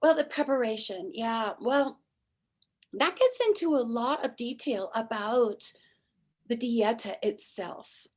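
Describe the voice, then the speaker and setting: A woman hosting a spiritual podcast in an unhurried, heartfelt chat, her voice dropping now and then to a near-whisper. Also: fairly high pitch, expressive. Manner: soft, slow, heartfelt, drifting into near-whispers. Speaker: podcast host and ayahuasca facilitator.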